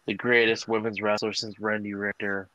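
Low voiced guy, dry muffled line, hyped and swearing. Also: flat delivery, moderate pace, pushed and bright, no echo. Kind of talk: casual chat.

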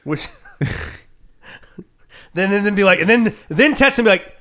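A man hosting a podcast who teases his friends and swears freely. His voice is high and bright, and it leaps around with a lot of energy. He sounds loose and animated. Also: measured pace. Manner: profane, teasing, animated. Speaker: podcast host. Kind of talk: casual podcast banter.

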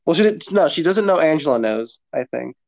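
A man's voice: fairly high pitch, lively intonation, fairly quick, vocal fry. Casual rambling man. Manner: loose, profane, rambling with fillers. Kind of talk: casual chat.

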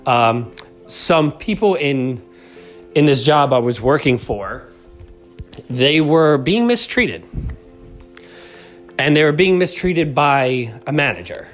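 A man giving a motivational talk on communication, animated and casual, often checking in with the listener. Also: medium pitch, slow pace, pauses often, faint music behind. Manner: animated, acts out quoted voices, says "right?" often. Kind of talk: motivational self-help talk.

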